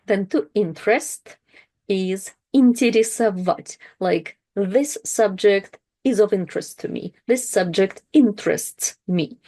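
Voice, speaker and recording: A woman teaching a language lesson, patiently explaining verbs and repeating each word slowly for practice. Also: medium pitch, mellow.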